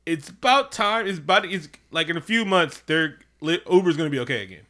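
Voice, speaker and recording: A man co-hosting a casual comedic chat at home, animated and profane, often slipping into mocking quoted voices. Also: on the high side, fairly quick. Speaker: podcast co-host.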